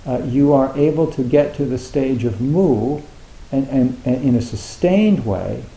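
A man's voice: mid-range voice, unhurried, warm tone, reverberant, rough recording. A man giving a Zen dharma talk in a conversational way, acting out his students' thoughts and using many fillers. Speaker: Zen teacher.

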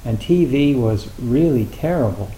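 Middle-aged man, Zen teacher, dharma talk, halting and wry, warm mellow tone, roomy hall with faint hiss. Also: mid-range voice, expressive. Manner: halting, loose and conversational with frequent fillers; wry, gently humorous.

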